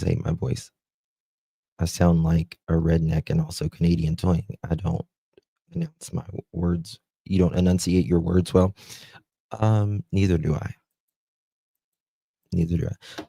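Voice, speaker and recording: A very low, gravelly Southern American man talks slowly and casually to his live-stream viewers. His tone is dark and mellow, and he is self-deprecating and chatty, with plenty of "um" pauses. The sound is close and dry, with no room echo. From United States. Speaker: livestream host.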